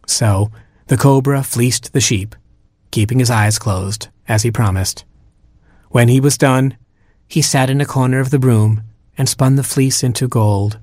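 A man narrating a comic fairy tale in a wry, deadpan way. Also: mid-range voice, a little slow, dry recording, clean studio sound. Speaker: storyteller. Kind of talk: scripted narration.

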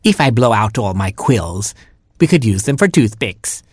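Gloating old porcupine lady done by a guy, slow and drawn out, husky, dry storybook read. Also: fairly low pitch, very animated, darkish tone, no echo. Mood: greedy scheming. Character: greedy old female porcupine cook.

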